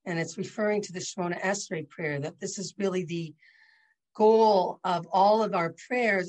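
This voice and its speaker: A woman's voice: on the low side, rough recording. A woman teaching a religious lesson in a conversational way with frequent fillers, moving between explanation and storytelling.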